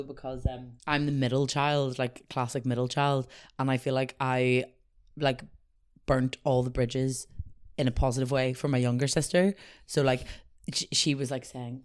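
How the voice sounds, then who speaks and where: A young woman with a Northern Irish accent, a guest stylist telling stories in casual podcast chat, with constant "like" and lively acted-out quotes. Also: extremely low pitch. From Northern Ireland.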